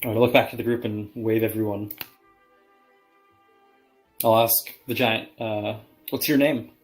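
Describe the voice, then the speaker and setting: A man playing his character in a tabletop game, hesitant and filling pauses with "uh" and "um". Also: fairly low pitch, steady tone, faint music behind. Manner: hesitant, lots of fillers. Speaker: player.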